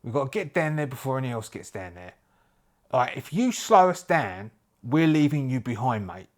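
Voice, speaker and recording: A man voicing a gruff, impatient male squad leader who speaks bluntly and curtly. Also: medium pitch, big pitch swings, moderate pace, close to an everyday voice. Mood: stern. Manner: blunt, curt, bossy.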